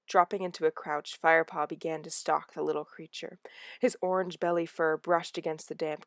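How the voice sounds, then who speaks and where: A woman reading a novel aloud in a soft, hushed narration that drops toward a whisper in tense moments. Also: deep voice, level tone, normal speed, dry recording, clean studio sound. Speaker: audiobook reader.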